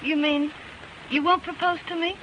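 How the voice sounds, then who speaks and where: A woman's voice: high-pitched, fairly even intonation, normal speed, highs cut off, close to an everyday voice. An actress playing a spoiled, eager young rich woman in a 1930s film, coaxing and playful. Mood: pleading. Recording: noisy old film soundtrack.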